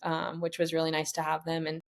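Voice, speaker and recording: A woman's voice: low voice, completely flat delivery, brisk, vocal fry. A woman in her twenties, a professional triathlete, chatting candidly in an interview and retelling a tough race while quoting herself and others along the way. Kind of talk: casual storytelling in a podcast interview.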